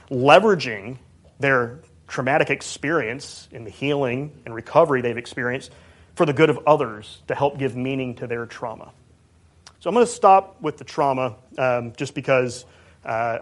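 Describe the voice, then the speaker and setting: A man giving a measured academic lecture on theology and healing, stressing key points. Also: medium pitch. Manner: measured, emphatic, reads out quotes.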